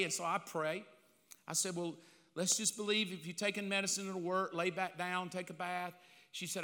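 An older man, a pastor, telling a personal story in a sermon, confessional and self-mocking, swinging between loud outbursts and hushed asides. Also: high voice, a little fast, in a large hall.

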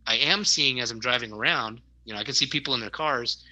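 A man talks through everyday stories in loose podcast chat, often stopping to restart his sentences. His voice is very bright. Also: mid-range voice, quick pace, low-quality recording. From Arizona, USA. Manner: rambling, restarts, storytelling. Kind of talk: casual chat.

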